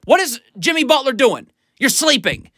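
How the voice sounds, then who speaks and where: A man's voice: very high-pitched, sing-song, moderate pace, bright, forceful tone, no echo. Exasperated man breaking down game film. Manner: exasperated, scolding, blunt. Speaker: basketball film analyst. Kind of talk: video breakdown commentary.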